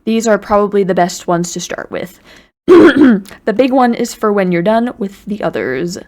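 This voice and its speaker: A woman YouTuber chatting casually to camera at home, bubbly and excitable, with playful asides as she unboxes. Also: fairly high pitch, moderate pace. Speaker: YouTuber unboxing fan mail. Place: at home in her apartment.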